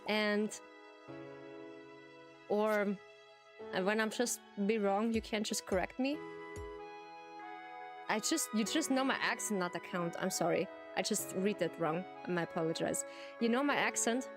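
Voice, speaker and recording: A woman's voice: mid-range voice, a little slow, pauses often, music in the background. Giggly Austrian woman streaming a game. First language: German. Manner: chatty, giggly, repeats herself. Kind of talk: casual livestream chat.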